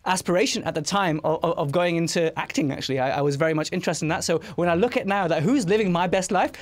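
A podcast host speaks quickly and eagerly, stumbling and restarting as his ideas tumble out. His voice sits a little higher than most men's. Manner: enthusiastic, rapid, with frequent restarts. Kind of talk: casual conversational interview.

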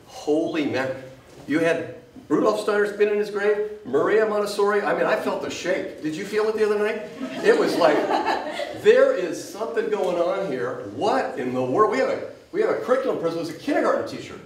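A woman's voice: mid-range voice, animated, fairly quick. A woman teacher gives an emotional, scolding public comment at a school board meeting, her voice rising and falling with feeling. She sounds distant from the mic in an echoey board room.

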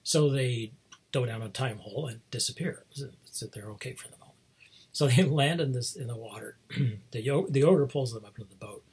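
A man's voice: medium pitch, normal speed, a little mellow, husky. A middle-aged man hosting, recounting things in a casual, rambling monologue, chuckling often between restarts. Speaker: host.

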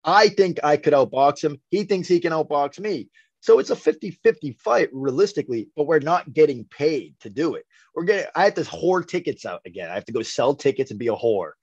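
A man's voice: on the high side, lively intonation, brisk, husky, dry recording. Young male boxer, blunt and profane storyteller; dry, slightly muffled podcast sound. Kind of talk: casual interview chat.

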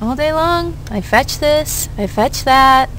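An actress plays a playful young woman who chatters cheerfully with a high, lively voice that swoops up and down. She has doglike habits and a bubbly, eager way of talking. A faint background noise sits under her voice. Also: takes it slowly, exaggerated voice, poor audio. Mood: chatty. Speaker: actor in a short film.

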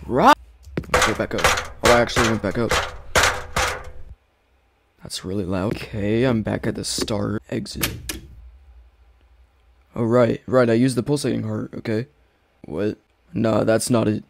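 A man's voice: lowish voice, steady tone, measured pace, gravelly, long pauses, background noise. Jumpy man yelping through a horror game. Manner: jumpy, rambling, yelps and repeats himself when startled. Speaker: gaming YouTuber.

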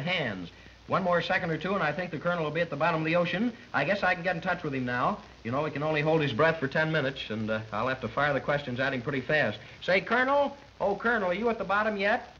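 A man with a bright, somewhat high voice plays announcer and straight man, narrating a silly stunt in mock-dramatic tones with chuckles between lines. It sounds like a muffled 1930s film soundtrack with a faint hiss. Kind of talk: 1930s radio comedy patter.

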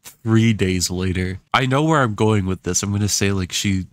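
A young man comments on his old footage in a wry, self-mocking way, laughing often. His voice is on the low side. The sound is dry and close, with no room around it. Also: moderate pace, dry recording. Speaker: vlogger. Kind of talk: reaction commentary.

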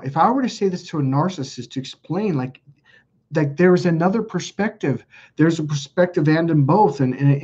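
Male self-help host, husky and fairly high-pitched, animated storyteller, muffled lo-fi sound. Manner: animated storyteller, acts out quoted dialogue in raised voices. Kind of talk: casual spoken monologue to camera.

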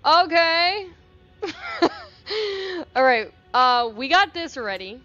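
A young woman giving casual, profane gameplay commentary with sudden excited outbursts. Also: very high voice, very slow, no room sound, dull audio, soft background music. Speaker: gaming channel host.

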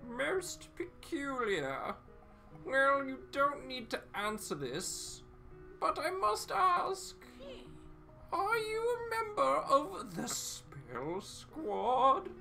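A woman voicing a formal, nosy gentleman passenger in a video game, speaking in a posh, slow manner. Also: sits high, huge pitch swings, vocal fry, soft background music, voice pushed up, exaggerated voice. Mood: prying.

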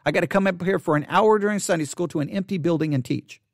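A male pastor teaching catechesis in sermon style, emphatic and repetitive, hushing his voice for quoted thoughts. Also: high voice, fast, no echo, clean studio sound.

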